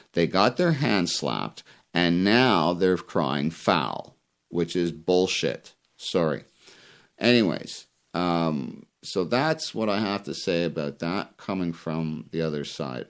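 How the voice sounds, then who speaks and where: Low-voiced man ranting. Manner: rambling and heated, many fillers and restarts. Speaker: fishing podcast host. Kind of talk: casual opinion rant.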